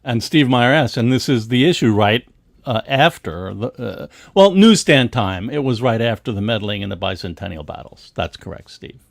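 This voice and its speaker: A middle-aged man with a gravelly voice that rises and falls freely. He chats casually about comic pages, restarting sentences and laughing often. The sound is dry and close. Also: mid-range voice, animated, moderate pace, no echo. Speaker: co-host of a comics history show. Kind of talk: casual livestream chat about comic art.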